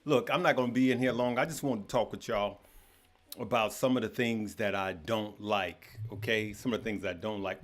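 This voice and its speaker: A man with children hosts a casual livestream in a mid-range voice at normal speed. He greets viewers by name, sometimes stumbling over them, and chats loosely with lots of fillers.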